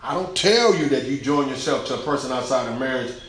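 A man's voice: medium pitch, lively intonation, quick pace, fairly bright tone. Echoey preaching man, emphatic and colloquial. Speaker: pastor. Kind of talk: sermon. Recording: very echoey hall, faint noise.

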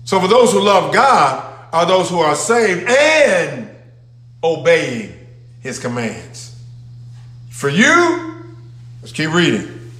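A man's voice: a little high, wildly swooping pitch, takes it slowly, pauses often, fairly bright tone. A man preaching a sermon to a congregation, emphatic and calling out questions to the people. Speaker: pastor. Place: church sanctuary with a congregation. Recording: echoey room.

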